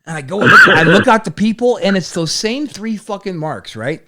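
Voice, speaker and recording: A man hosting a podcast, telling road stories in a profane, animated way. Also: high voice, normal speed. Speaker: podcast host. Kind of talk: casual storytelling.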